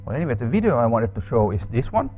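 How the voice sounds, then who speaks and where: A man lecturing at a seminar in a medium-pitched voice. He thinks aloud, with many pauses, fillers and restarts. The talk sounds technical and unscripted. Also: big pitch swings, dark tone, soft background music. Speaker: seminar speaker. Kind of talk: academic lecture. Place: seminar room.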